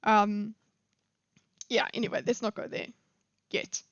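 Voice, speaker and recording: A woman's voice: mid-range voice, level tone, measured pace, dry recording, muffled recording. A woman in her thirties from Africa, giving rambling, opinionated commentary on a live stream. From South Africa.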